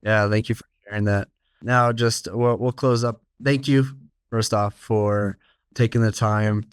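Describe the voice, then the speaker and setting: A man with a low voice hosts this interview, his delivery flat and steady. His tone is smooth and clear, recorded close and dry. He talks to other men in an earnest, plainspoken way. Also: unhurried, dry recording. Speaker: host of a men's health clinic show. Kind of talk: casual interview chat.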